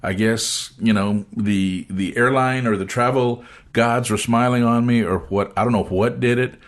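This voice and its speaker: In a casual chat, a host with a medium-pitched voice and moderate pace spins a lively story, performing the voices of its characters.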